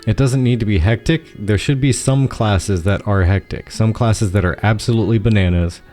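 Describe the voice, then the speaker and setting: A man's voice: on the low side, normal speed, warm tone, soft background music. A man co-hosting a casual gaming podcast, talking at length and restarting his sentences as he explains. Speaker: podcast co-host.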